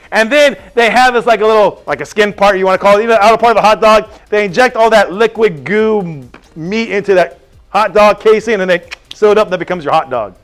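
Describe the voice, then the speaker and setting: A man teaching a class, telling stories and firing questions at his students. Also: high-pitched. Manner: animated, storytelling with quick questions to students. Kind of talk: classroom lecture.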